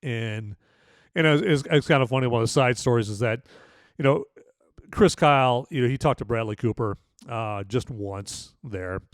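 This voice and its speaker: A man's voice: mid-range voice, moderate pace, no echo, studio quality. A man hosting a podcast and casually reviewing a film, rambling with many restarts. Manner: rambling, full of "you know" and restarts. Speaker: podcast host and movie reviewer.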